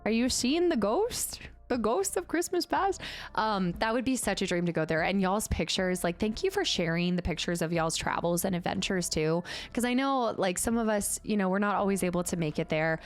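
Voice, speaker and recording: A woman's voice: lowish voice, a little fast, hardly any pauses, faint music behind. A young woman chatting casually on a livestream in a bubbly way, thanking viewers and cooing at her pet.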